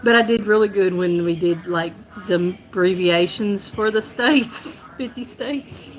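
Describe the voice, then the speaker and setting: A woman from North Carolina with a Southern voice hosts her casual livestream chat, speaking at medium pitch and an unhurried pace over faint music. She's loose and giggly, rambling, laughing often and correcting her own mix-ups as she goes.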